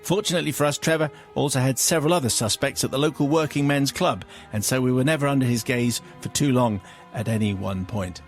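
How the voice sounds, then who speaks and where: A man's voice: mid-range voice, fast, few pauses, soft background music. Man dryly reading a letter on radio. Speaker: radio host. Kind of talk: reading a listener's letter aloud. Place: radio studio.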